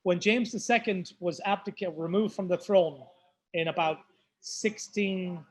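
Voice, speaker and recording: Speaking a little slowly in a high voice, a County Mayo man with a Mayo accent hosts a whiskey tasting at a pub in Ireland. He keeps things casual with the group, throwing in loose storytelling asides, though the audio is poor.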